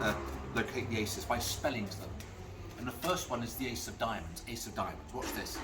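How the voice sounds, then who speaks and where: Performing card tricks, a man keeps up storytelling patter that's chatty and laced with dry, self-mocking humor. His mid-range voice is brisk. The mic is distant, with music behind him and a noisy background.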